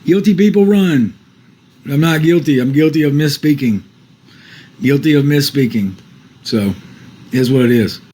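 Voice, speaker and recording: A man's voice: mid-range voice, normal speed, long pauses, warm tone, low-quality recording. A man on a casual livestream, reading out viewer comments and answering them defensively, with some swearing.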